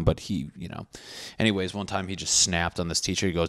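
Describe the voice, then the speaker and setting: A man's voice: sits low, steady tone, quick pace, a bit bright. A young man from Connecticut with a Connecticut accent, telling a rambling, profane, self-correcting comic story from his school days. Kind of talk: casual comedic storytelling.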